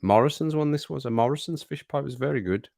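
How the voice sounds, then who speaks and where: A middle-aged Brummie from England rambles on his livestream, cracking jokes for the live chat and chuckling often. His medium-pitched voice is quick, creaky and dark in tone.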